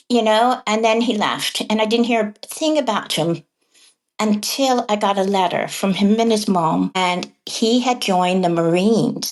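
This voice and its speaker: A middle-aged woman, a kindergarten teacher and podcast guest, telling classroom stories in a lively conversational way. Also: medium pitch. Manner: animated, acts out quoted voices and laughs often. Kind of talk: conversational storytelling.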